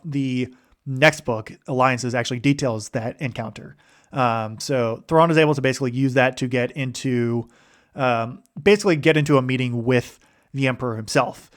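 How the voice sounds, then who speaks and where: A man's voice: mid-range voice, fairly bright tone. A man hosting a podcast, rambling casually about books he listened to, with lots of restarts. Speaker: podcast host.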